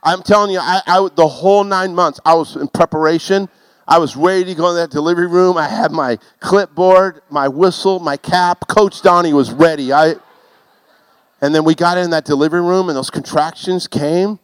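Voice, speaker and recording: A middle-aged man preaching a sermon through a personal story, animated and self-mocking, building to loud exclamations. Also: fairly high pitch, normal speed, smooth, no echo, rough recording.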